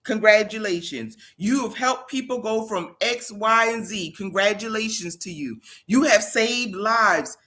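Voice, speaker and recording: A woman giving a motivational talk to her livestream audience, with a bright, forceful tone. She leans on repetition and emphasis like a preacher, pressing her points home. Her pitch sits in an ordinary middle range. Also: a little slow, hardly any pauses. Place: home in South Carolina.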